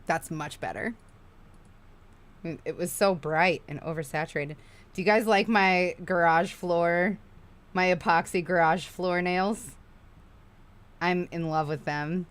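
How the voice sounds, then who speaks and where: A woman streamer chatting casually with her viewers while she crochets, chatty, excitable and freely swearing. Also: fairly low pitch, slow pace, pauses often.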